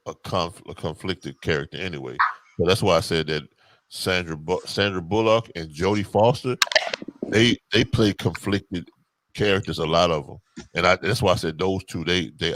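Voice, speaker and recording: A man co-hosting a casual podcast chat, talking haltingly as he searches for words. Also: sits low, a bit bright, no room sound. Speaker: podcast co-host.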